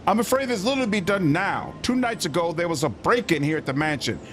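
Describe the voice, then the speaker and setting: A man's voice: high voice, expressive, fast talker, a bit bright. A man voicing a flustered, prim, well-bred lady who owns a robbed manor, reading game dialogue aloud. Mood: flustered polite. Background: game music.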